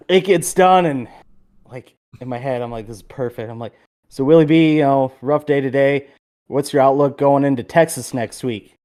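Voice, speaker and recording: A man co-hosting a podcast, telling a story in a lively, casual way and swearing freely. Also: mid-range voice, a little fast. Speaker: podcast co-host.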